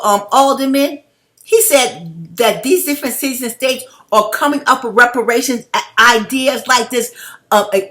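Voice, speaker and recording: A woman's voice: fairly high pitch, a bit bright. A woman delivering a heated, blunt, profane commentary rant straight to her viewers, calling them family. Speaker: video blogger.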